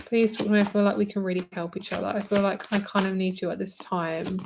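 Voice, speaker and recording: A woman's voice: medium pitch, little pitch movement, fast talker, gravelly, noisy background. A young British woman, a tarot reader, chatting candidly with viewers on a live stream, swearing freely and saying "like" often.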